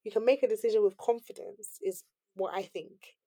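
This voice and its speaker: A woman's voice: medium pitch, a little fast, warm tone, dry recording, clean studio sound. A woman co-hosting a casual discussion, giving her opinions with lots of "like" and "you know".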